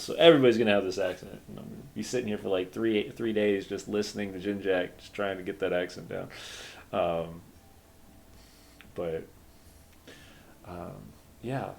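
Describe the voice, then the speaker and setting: A man's voice: lowish voice, normal speed, gravelly. A man acting as game master and host of a convention panel, chatting casually and rambling with plenty of fillers. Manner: rambling, self-deprecating, many fillers.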